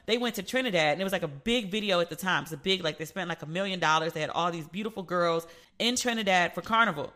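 A woman's voice: lowish voice, fast talker, sharp tone. A woman hosting a casual solo podcast, telling stories in a playful, chatty way and acting out the voices of the people she quotes. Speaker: podcast host.

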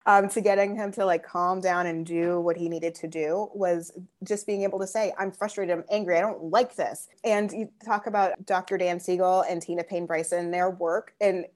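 A woman speaking as a guest therapist in a casual interview, animated and laughing often. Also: lowish voice.

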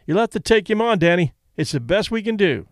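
A man's voice: sits high, very animated, brisk, no room sound, studio quality, voice pushed up. A man doing a pleading fight promoter. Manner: pleading and wheedling.

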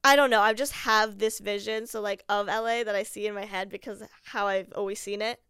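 A woman in her twenties, a podcast guest telling animated stories and filling nearly every phrase with "like". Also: mid-range voice, fairly quick, clear, resonant tone, dry recording. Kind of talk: casual storytelling chat.

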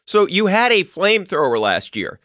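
Male sports podcaster, bright forceful voice, emphatic rants, dry close sound. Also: sits high, moderate pace, no room sound. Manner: animated, emphatic ranting with occasional swearing. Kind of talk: solo sports commentary.

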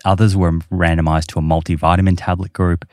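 A man's voice: low voice, little pitch movement, fast, a little mellow, no room sound, clean studio sound. A man hosting a podcast, explaining research casually with many fillers. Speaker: podcast host. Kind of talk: casual chat.

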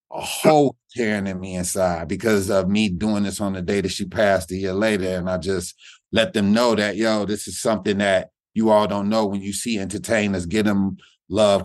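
A middle-aged man tells a story in a relaxed interview. He talks loosely and repeats himself as he searches for words. His voice sounds dry and close, with no room around it. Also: on the low side, fairly quick, no room sound. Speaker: guest comedian. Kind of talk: reflective interview talk.

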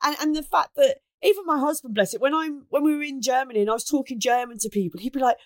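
A woman, a comedian guest on a podcast, telling stories quickly and laughing often. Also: high voice, dry recording, studio quality. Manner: quick laughing storyteller, swears freely. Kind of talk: comic banter.

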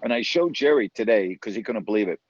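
A man's voice: lowish voice, expressive, quick pace, no echo, lo-fi sound. A man talking casually on a radio show, earnest and reflective as he tells a story.

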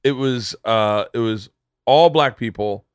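A man hosting a podcast, telling stories in a casual, animated way, swearing freely and breaking into impressions. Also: unhurried, smooth, no room sound, studio quality. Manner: animated storyteller, swears freely, jumps into high-pitched impressions. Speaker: podcast host. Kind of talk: casual chat.

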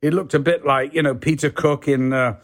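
A man, a podcast guest telling show-business anecdotes in a lively way and swearing freely. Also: fairly high pitch, a little fast. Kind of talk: anecdotal storytelling.

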